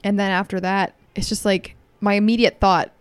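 A woman in her thirties co-hosting a podcast, chatting in a relaxed, conversational way. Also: mid-range voice, moderate pace, smooth, dry recording. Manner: relaxed, conversational, hesitant fillers. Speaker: podcast co-host. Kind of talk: casual chat.

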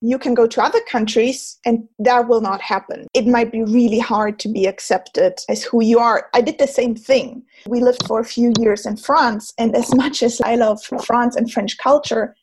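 A woman's voice: a little high, a little mellow, slightly rough. A woman with a German accent hosting an interview, talking in a thoughtful, conversational way. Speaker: interview host. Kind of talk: casual conversation.

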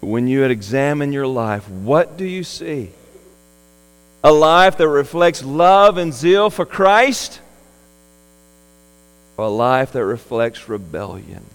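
A man's voice: medium pitch, animated, slow, long pauses, smooth, long reverb tail, low-quality recording. A man preaching a sermon in an earnest, pleading manner that rises to impassioned emphasis. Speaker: pastor.

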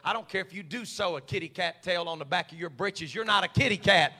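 A man preaching a sermon, folksy and stammering, swinging from quiet asides to fiery shouts. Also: sits high, fast.

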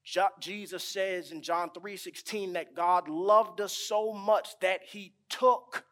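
A man preaching a sermon, pausing dramatically and drawing out key words, building emphasis on repeated phrases. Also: high voice, fairly even intonation, fairly bright tone. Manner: slow, dramatic pauses, stretched key words.

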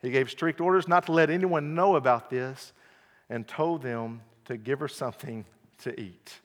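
A man preaching an earnest evening sermon, repeating key phrases and swinging from quiet to loud emphasis. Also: medium pitch, normal speed. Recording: long hall reverb.

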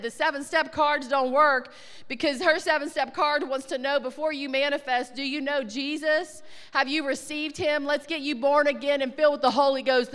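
A woman sharing a ministry testimony in an excitable way, swinging from hushed tones to shouts. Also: high-pitched, clear, resonant tone, in a large hall. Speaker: ministry speaker. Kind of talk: animated testimony storytelling.

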